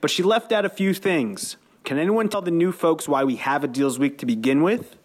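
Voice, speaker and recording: A man's voice: fairly high pitch, normal speed, voice pushed up, lightly acted. A man doing a fiery, profane sales boss. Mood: rousing. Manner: preachy, rousing, profane. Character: fiery male sales boss rallying his team.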